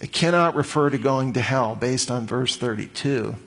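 A man's voice: medium pitch, normal speed, husky. A man preaching to his congregation, explaining a passage in detail and acting out the voices he quotes. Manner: animated expository preaching, acts out quoted voices. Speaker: pastor. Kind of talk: sermon.

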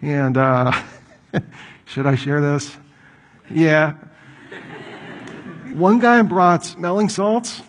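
A man's voice: a little high, very slow, pauses often, a little hiss or hum. A middle-aged man preaching a sermon, telling stories in a conversational way and asking rhetorical questions. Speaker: pastor.

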